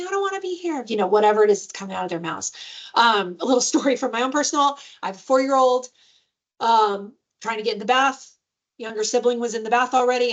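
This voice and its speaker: A woman in her thirties presenting a parenting webinar in a conversational way, often asking "right?" and acting out quotes. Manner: conversational, frequent "right?" tag questions; acts out child and parent quotes with sudden high pitch. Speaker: adoption agency trainer.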